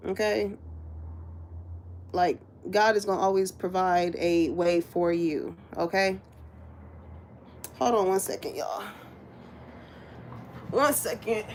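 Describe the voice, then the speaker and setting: A woman's voice: mid-range voice, slow pace, long pauses, a little hiss or hum. A woman giving a casual, chatty spiritual reading to her viewers, laughing often and swearing freely. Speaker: spiritual reader.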